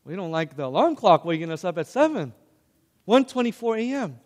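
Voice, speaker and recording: A man's voice: high voice, sing-song, fairly quick, darkish tone, in a large hall. A male preacher telling a personal story in an emotional sermon, addressing the congregation.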